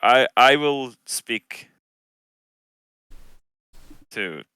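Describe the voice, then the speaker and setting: A man's voice: mid-range voice, expressive, extremely slow, bright, forceful tone, clear, resonant tone. A man playing a tabletop game, speaking hesitantly and searching for words in character. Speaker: player.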